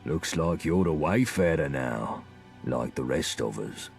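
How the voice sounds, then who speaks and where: A man doing a husky drawling London gang boss. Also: a bass voice, expressive, measured pace, soft background music, exaggerated voice. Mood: sly. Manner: sly, drawling, mocking. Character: smooth-talking male London gang leader.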